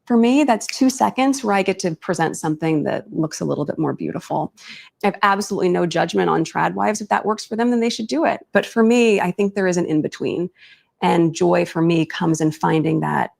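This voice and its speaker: A woman answering interview questions in a measured, reflective, earnest way. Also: lowish voice, vocal fry, a little mellow.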